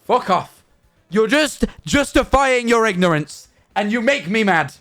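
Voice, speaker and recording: A man's voice: high-pitched, lively intonation, unhurried, fairly bright tone, faint music behind. A man livestreaming in casual chat with his viewers, ranting animatedly and swearing often.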